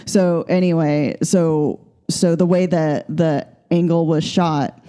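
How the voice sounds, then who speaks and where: A woman's voice: deep voice, fairly even intonation, slow pace, warm tone. A woman hosting a podcast, chatting casually and hesitantly with many fillers. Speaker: podcast host. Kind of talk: casual chat.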